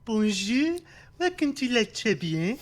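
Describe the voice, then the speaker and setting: A man's voice: very high voice, sing-song, slow, exaggerated voice. A man voicing a flamboyant, fussy male restaurant owner with a put-on French accent, dropping French words as he fusses over people. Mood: fawning. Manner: theatrical, sprinkles French words.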